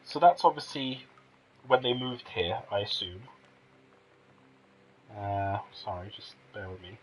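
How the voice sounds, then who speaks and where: A man's voice: fairly low pitch, lively intonation, unhurried, a little hiss or hum, poor audio. A man casually commenting while he plays and streams a game, thinking aloud and reacting as he explores. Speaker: let's play streamer.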